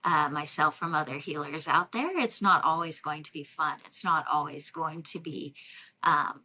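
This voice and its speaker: Bright-voiced woman guest, reflective. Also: low-pitched, moderate pace, a little hiss or hum, rough recording. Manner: warm, reflective, frequent fillers and soft laughs. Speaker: energy healer guest. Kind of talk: casual interview talk.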